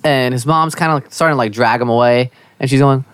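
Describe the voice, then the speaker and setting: A man's voice: mid-range voice, quick pace, a bit bright, clean tone, no echo. A young man narrating as game master of a tabletop game, rambling casually with lots of "like" and small restarts. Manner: rambling, many likes and restarts.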